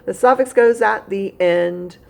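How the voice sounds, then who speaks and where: A woman with a gravelly, mid-range voice teaches a recorded phonics lesson at a measured pace. She addresses a young child at home directly and patiently goes over the key points again.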